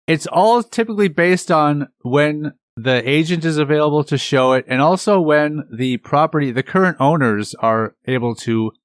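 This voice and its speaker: A man's voice: on the high side, no echo, clean studio sound. A man co-hosting a podcast in casual chat, arguing playfully and teasing his co-host.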